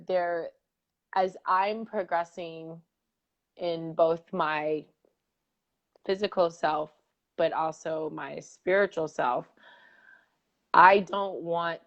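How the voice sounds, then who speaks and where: A woman co-hosting a casual conversation, speaking candidly and reflectively about her relationship, with frequent fillers and laughs. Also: fairly low pitch. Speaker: co-host. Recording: dull lo-fi audio.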